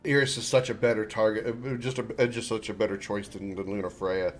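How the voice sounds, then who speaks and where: Low-voiced man rambling through gameplay. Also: fairly even intonation, fairly quick. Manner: rambling, joking, many fillers and restarts. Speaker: streamer playing a video game. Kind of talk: casual gameplay commentary. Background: faint game music.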